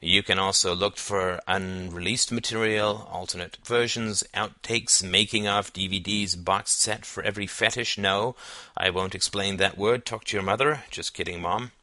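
A man's voice: lowish voice, fairly even intonation, normal speed, pushed and bright, no room sound. A man voicing a wry, sarcastic teenage boy in an audiobook, dry and mocking in tone. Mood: teasing. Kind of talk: audiobook character voice.

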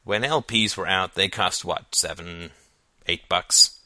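A man's voice: deep voice, slow pace, bright, forceful tone, dry recording, full character voice. A man voicing a wry, sarcastic teenage boy in an audiobook, dry and mocking in tone. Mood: reasoning. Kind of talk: audiobook character voice.

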